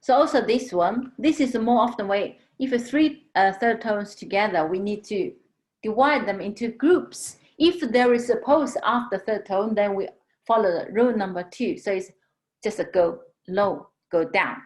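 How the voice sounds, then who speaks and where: A woman teaching a language lesson, patiently explaining tones and drawing out model words slowly. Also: medium pitch. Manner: slow, patient, drawn-out model pronunciations.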